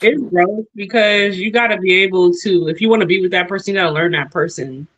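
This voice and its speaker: A woman's voice: fairly low pitch, fairly quick, fairly bright tone, highs cut off. A woman guest on a casual podcast explaining her view earnestly. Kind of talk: casual group chat.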